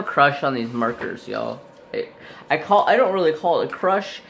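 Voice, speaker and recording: Still slightly congested from a recent illness, this man hosts a laid-back craft unboxing video, talking loosely with lots of fillers and corrections along the way. His voice is fairly high, creaky and a bit bright, lively in delivery at a normal speed. There's slight background noise.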